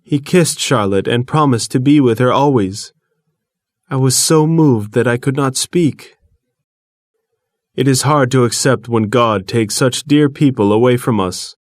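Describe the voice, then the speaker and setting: A man reading an audiobook in the first person, measured and earnest, recorded close to the mic. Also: mid-range voice, no room sound. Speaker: audiobook narrator. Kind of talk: first-person scripted narration.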